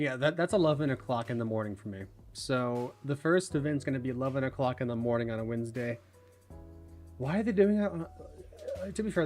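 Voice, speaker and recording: A man hosting a livestream, chatting casually and rambling, his words running together when he talks fast. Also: mid-range voice, darkish tone. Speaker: livestream host.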